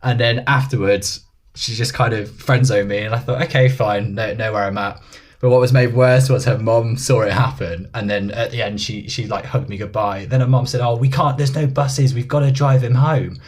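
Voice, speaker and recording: A man's voice: fairly low pitch, steady tone, moderate pace. A young English man co-hosting a podcast, telling stories with a wry, anecdotal manner. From England. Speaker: podcast co-host. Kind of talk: casual chat.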